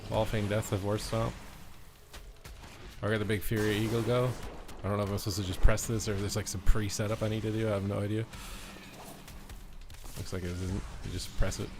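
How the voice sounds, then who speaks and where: Lower-voiced young man calling plays. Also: level tone, a little fast, pauses often, noisy background. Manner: incredulous, reactive, slangy. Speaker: streamer. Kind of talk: live gameplay commentary.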